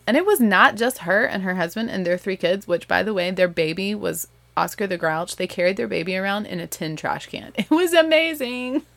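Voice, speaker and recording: A woman with a Southern accent chatting casually as a host, animated, laughing and correcting herself as she goes. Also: medium pitch, no room sound. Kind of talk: casual chat.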